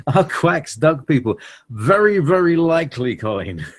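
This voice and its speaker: Rambling man, husky voice. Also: a little high. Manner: rambling, hesitant, laughs often. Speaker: cohost. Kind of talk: casual chat.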